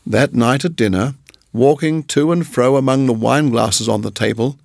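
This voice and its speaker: A man narrating a storybook in a measured, even reading voice. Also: mid-range voice, vocal fry, no room sound, studio quality.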